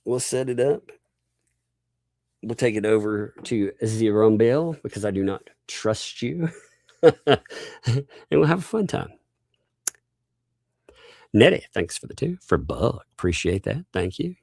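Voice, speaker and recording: Male streamer host, gravelly and lively, combative and mocking, dry close sound. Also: fairly low pitch, measured pace, long pauses, no echo. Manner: combative, mocking, swears, laughs between lines. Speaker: livestream host. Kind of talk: ranting livestream commentary.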